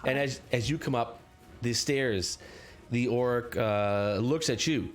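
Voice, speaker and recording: A man running a tabletop game on a live stream, narrating scenes in a halting, scattered way and saying he is sick. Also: mid-range voice, faint music behind. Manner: scattered, halting, lots of restarts. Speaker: game master.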